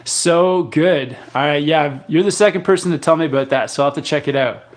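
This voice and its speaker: A young man from Canada talks fairly quickly in a slightly high voice while hosting a live stream. Reading viewers' comments out loud, he responds casually and rambles, using lots of fillers and restarts.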